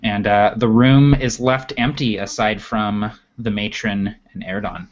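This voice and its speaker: A man narrating as dungeon master in a tabletop game, telling the story at a steady pace. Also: lowish voice, measured pace. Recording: dull lo-fi recording.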